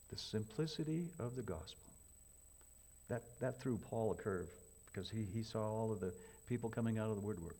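A man preaching a folksy sermon, swinging from loud emphatic questions to hushed, near-whispered lines. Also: fairly low pitch, a little fast. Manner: folksy, repetitive, addresses congregation as folks.

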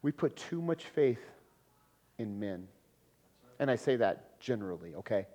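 A man preaching a sermon in a lively, conversational way, with laughs and sudden loud emphasis. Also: on the low side, measured pace. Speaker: pastor.

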